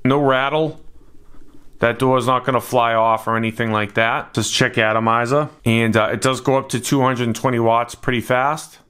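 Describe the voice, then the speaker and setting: A man's voice: mid-range voice, fairly even intonation, normal speed, a bit bright, smooth. A man narrating a casual hands-on product review in a laid-back, matter-of-fact way.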